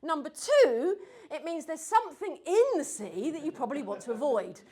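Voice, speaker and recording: A woman giving a lively talk on storytelling to a group, acting out her stories and sometimes dropping to a whisper for suspense. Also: high-pitched, moderate pace. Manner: animated, mimics accents, drops to whispers for suspense. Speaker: speaker on storytelling.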